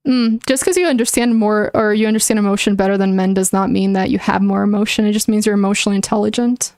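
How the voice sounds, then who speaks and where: A woman's voice: medium pitch, fairly even intonation, fast talker, a little mellow, smooth, no room sound, clean studio sound. A young woman streaming, chatting casually with viewers and thinking aloud in an earnest, opinionated way, with many likes and restarts. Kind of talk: casual livestream chat answering viewers.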